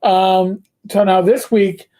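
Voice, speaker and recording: A man's voice: high voice, little pitch movement, takes it slowly, mellow. An older man hosting a live stream, telling joking, profane stories in easy conversation. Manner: joking and profane, tells stories with lots of restarts. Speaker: show host. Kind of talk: casual live-stream chat.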